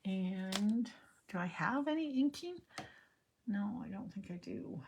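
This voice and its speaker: An older woman runs a chatty card-making demo, rambling and drifting into personal tales as she works. Her mid-range voice is animated yet slow, with slight background noise behind it.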